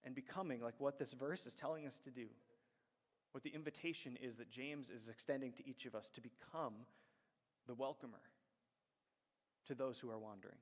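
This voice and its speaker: A man's voice: mid-range voice, fairly quick, pauses often. Guy preaching in church, chatty stories, does little voices for people, echo hanging in the hall. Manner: conversational storytelling, acts out quoted voices. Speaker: pastor. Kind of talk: sermon. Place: church sanctuary.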